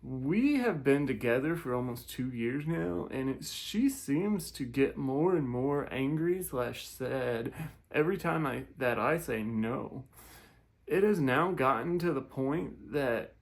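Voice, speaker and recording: Slow, giggly commentator reading comments aloud. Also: mid-range voice, animated, vocal fry. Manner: giggly, reads haltingly with restarts and asides. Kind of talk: casual reading of online comments with reactions.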